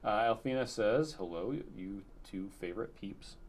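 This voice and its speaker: A man co-hosting a live stream, chatting casually and reading viewer comments aloud in a relaxed, quiet way. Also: lowish voice, normal speed, a little hiss or hum. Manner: relaxed, reads chat messages in a quiet flat tone.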